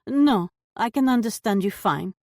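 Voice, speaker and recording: A woman's voice: a little high, expressive, a little slow, no echo, voice pushed up. A woman voices a mature shopkeeper woman caught out in a lie. She clings to a shaky fake French accent and answers with evasive indignation. The storybook reading sounds dry and close. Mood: indignant.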